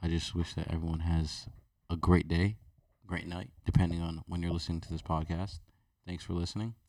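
A man's voice: deep voice, flat delivery, fairly quick, dark tone. A man chatting casually on a podcast as a guest, joking bluntly and swearing freely. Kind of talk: casual chat.

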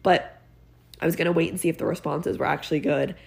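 Sick teenage girl with a gravelly low voice. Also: fairly even intonation, quick pace. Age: teens. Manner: exasperated, sarcastic, lots of "like". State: sick with a congested voice. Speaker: podcast host. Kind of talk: casual ranting monologue.

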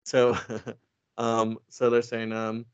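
A man's voice: mid-range voice, completely flat delivery, slow, clean tone, dry recording. A man casually retelling a story for laughs, rambling, swearing and laughing often. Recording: dull lo-fi dry sound.

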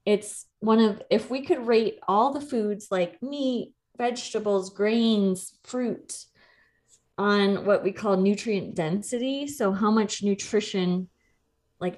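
A woman's voice: mid-range voice, a little mellow. Chatty woman explaining nutrition. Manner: explanatory, chatty, laughs easily. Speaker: nutrition coach, podcast co-host. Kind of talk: casual podcast chat.

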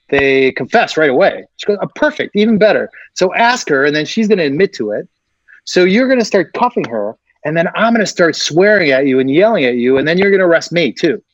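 A man, a guest actor, telling an animated anecdote and acting out the voices of the people in it, laughing often. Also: fairly high pitch, dry recording, muffled recording.

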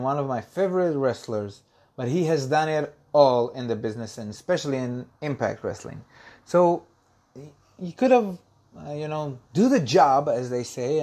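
A man with a slightly high, somewhat mellow voice hosts a solo podcast review in a casual way. He talks loosely, filling gaps with plenty of ums and uhs, and repeats words as he corrects himself.

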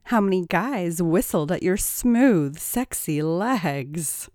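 A woman voicing a bossy, teasing young woman roommate who gives orders with calm confidence. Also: on the low side, slow, no room sound, clean studio sound. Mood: teasing commanding.

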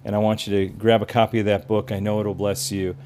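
A man's voice: lowish voice, flat delivery, fairly quick, a little mellow, a little hiss or hum. A man giving an earnest, encouraging podcast sermon as pastor and host, repeating phrases for emphasis.

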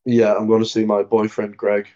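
A man's voice: fairly low pitch, completely flat delivery, normal speed, mellow. An English man co-hosting a podcast in casual chat, rambling and joking with lots of fillers, recorded remotely. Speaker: podcast co-host. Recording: dull lo-fi remote call audio.

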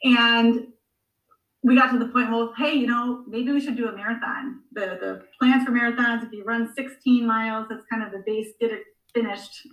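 Woman, 40s, podcast guest, bright and animated, recorded in a roomy space a little far from the mic. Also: a little high, normal speed. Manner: chatty, animated storytelling with laughs. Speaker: guest, amateur marathon runner. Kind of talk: conversational podcast interview. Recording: echoey room, voice a bit off-mic.

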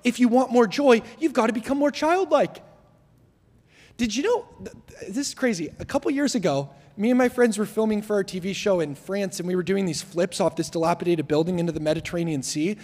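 A young man preaching as a guest speaker, telling jokes and stories in a lively, self-deprecating way. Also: high-pitched, brisk. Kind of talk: sermon. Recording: long hall reverb.

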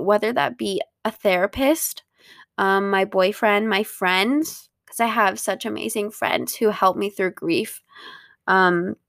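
Tearful young woman with a gravelly voice. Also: mid-range voice, fairly bright tone, no echo, clean studio sound. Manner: tearful, chatty, many fillers. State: choked up. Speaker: vlogger. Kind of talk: personal talk to camera.

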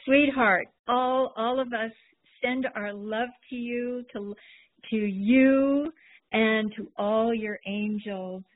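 A woman hosting a podcast interview, effusive and warm in her words, calling her guest darling. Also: fairly high pitch, fairly even intonation, slow. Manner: effusive, calls people darling. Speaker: podcast host. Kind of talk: casual interview talk. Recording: phone-like call audio.

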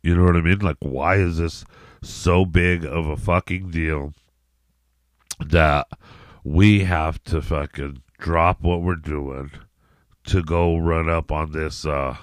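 A man's voice: sits low, no echo, clean studio sound. A man hosting a solo podcast in a rambling, profane rant, with many restarts and repeated "you know what I mean". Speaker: podcast host.

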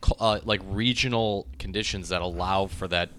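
A man co-hosting a podcast in casual chat, exasperated and trailing off into quiet mumbles. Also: deep voice, steady tone, normal speed, slight background noise. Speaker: podcast co-host.

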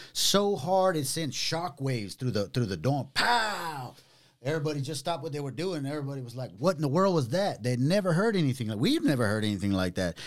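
A middle-aged man, a pastor telling his testimony in a casual podcast conversation, animated and full of slang. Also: mid-range voice. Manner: animated storytelling, drawn-out words, casual slang.

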